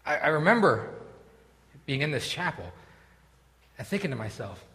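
Lively, bright-voiced preacher in a reverberant church. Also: male voice, fairly high pitch, moderate pace, gravelly. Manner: animated, rambling with many restarts and asides. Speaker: pastor. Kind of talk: storytelling sermon. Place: church sanctuary. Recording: long reverb of a church hall.

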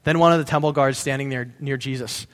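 A man's voice: medium pitch, fairly even intonation, fast, a bit bright, clean tone. Man preaching in an echoing hall. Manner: conversational, breaks off to explain, corrects himself. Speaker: pastor. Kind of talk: casual sermon reading and explaining scripture. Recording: long reverb in a hall.

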